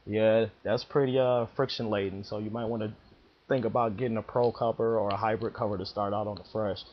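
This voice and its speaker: A man's voice: on the low side, fairly even intonation, fairly quick, a little hiss or hum, natural voice. A man voicing a friendly male ball driller who chats through technical advice, on a dull lo-fi recording. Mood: helpful.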